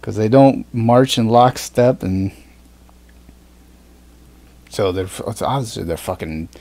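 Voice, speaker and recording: A man's voice: lowish voice, lively intonation, slow pace, warm tone, no room sound. A man hosting a podcast in casual chat, rambling with fillers and plenty of swearing. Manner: rambling, swears often, frequent fillers and restarts. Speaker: podcast host.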